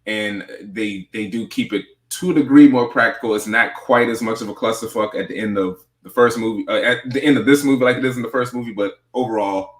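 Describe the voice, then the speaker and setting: Relaxed man reviewing movies, echoey room. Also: on the low side, a little fast, few pauses. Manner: relaxed, hedging, repeats words. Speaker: show host. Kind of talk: casual movie review chat.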